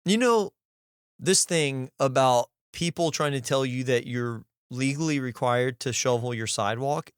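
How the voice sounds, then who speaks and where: A man co-hosting a podcast in casual chat, animated and swearing freely as he presses with questions. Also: medium pitch, unhurried, clean tone, dry recording, clean studio sound. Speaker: podcast co-host.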